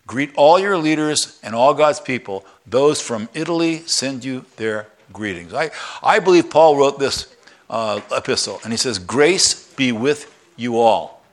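A man preaching a sermon in church, folksy and animated, sometimes shouting with excitement. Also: mid-range voice. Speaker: pastor.

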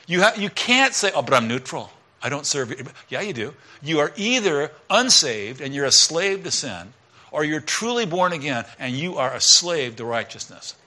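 Bright-voiced male pastor preaching. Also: on the high side, very animated, moderate pace. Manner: conversational preaching, swinging from loud emphasis to quiet asides. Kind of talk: sermon.

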